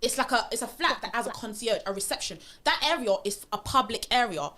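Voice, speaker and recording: Fast-talking British woman telling a story. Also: a little high. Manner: animated, acts out quotes. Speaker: guest. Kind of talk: casual storytelling.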